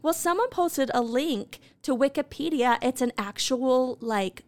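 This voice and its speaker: Chatty woman reading stories, bright-voiced. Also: sits high, expressive, unhurried, no room sound. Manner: reads listener stories aloud, laughs often. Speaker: podcast co-host. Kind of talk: casual chat.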